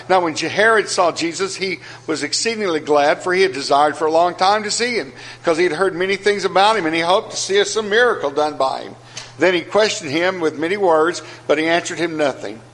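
A man's voice: on the high side, a bit bright, low-quality recording. A man preaching a sermon, reading scripture aloud and repeating key phrases with earnest emphasis.

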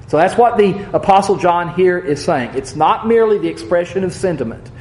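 A man preaching a Bible lesson in a roomy, echoing space, his voice sitting a little high for a man. He talks in an earnest, measured way, leaning slowly on key words and letting his points fall quiet at their ends. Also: animated. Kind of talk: sermon.

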